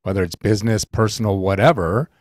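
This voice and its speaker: A man's voice: fairly low pitch, fairly quick, darkish tone, no room sound, studio quality. A man hosting a casual interview podcast, mostly giving short agreements and finishing his guest's thoughts. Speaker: podcast host.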